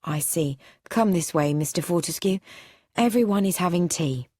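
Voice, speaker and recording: A quiet, composed young housekeeper, voiced by a woman reading aloud. She speaks politely and with reserve. The recording is dry and close. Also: fairly low pitch, expressive, normal speed, dry recording.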